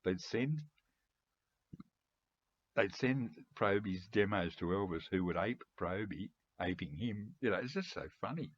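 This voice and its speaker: Husky deep-voiced older Australian man. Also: lively intonation, normal speed, hardly any pauses, lo-fi sound. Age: 70s. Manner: chatty, rambling, chuckling, frequent throat-clearing. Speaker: music collector video host. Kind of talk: casual rambling monologue to camera.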